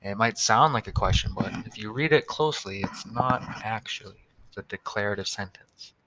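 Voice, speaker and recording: A man's voice: on the low side, moderate pace, noisy background. A man teaching a recorded tutorial for young students, patiently sounding out words and spelling them letter by letter.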